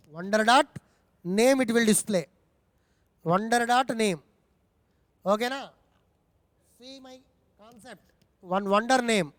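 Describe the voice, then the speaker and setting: A man with an Indian English accent and a very high voice walks through a coding tutorial step by step. He keeps repeating phrases and asks himself what to do next. His voice sits close and dry, yet a long reverb trails behind it. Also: slow pace, long pauses, a bit bright. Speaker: programming tutor. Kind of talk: screen-recorded coding tutorial.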